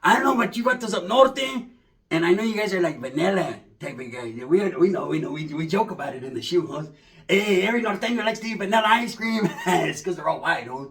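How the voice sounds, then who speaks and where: A man's voice: on the high side, brisk. A man telling a rambling, profane street story in casual slang, full of asides. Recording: voice from far off the mic.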